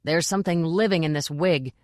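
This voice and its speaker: Nervous young male apprentices cast as stage witches call out in raised, higher voices , put on by a woman reading a story. The sound is dry and close. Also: a little fast, no echo, lightly acted. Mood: jittery. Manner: meek, then shouting.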